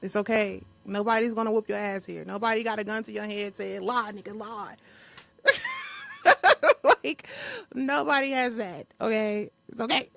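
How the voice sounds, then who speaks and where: A woman's voice: mid-range voice, fairly even intonation, a little fast, gravelly, no room sound. A young woman hosting a solo podcast, talking off the cuff in a blunt, profane way and laughing often. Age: young adult. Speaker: podcast host. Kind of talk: unscripted solo podcast monologue.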